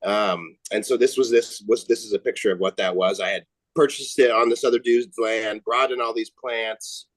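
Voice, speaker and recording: A man's voice: lowish voice, fairly even intonation, moderate pace, hardly any pauses, poor audio. A man guest chatting casually, telling a rambling story about his past. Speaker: guest grower. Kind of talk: casual chat.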